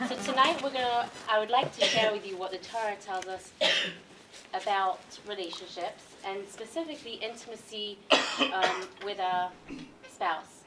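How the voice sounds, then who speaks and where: A woman's voice: mid-range voice, normal speed, heavy background noise. A woman giving a religious lecture in a conversational style, telling stories with fillers and restarts. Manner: conversational, animated storyteller. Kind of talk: lecture with storytelling.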